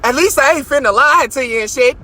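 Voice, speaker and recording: A podcast host with a very high, bright, sharp voice delivers a brisk, loud, mocking, profane comedic rant. Boastful, he talks into a phone from his car, his pitch shooting up whenever he gets worked up.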